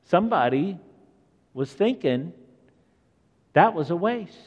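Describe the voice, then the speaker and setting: A man's voice: high-pitched, animated, slow, muffled recording. A man preaching a conversational sermon who asks his listeners questions. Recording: long echoing hall reverb.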